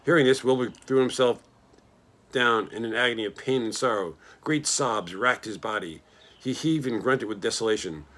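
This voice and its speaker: A man reading a children's novel aloud in a plain, steady storytelling manner. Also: mid-range voice, normal speed. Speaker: reader.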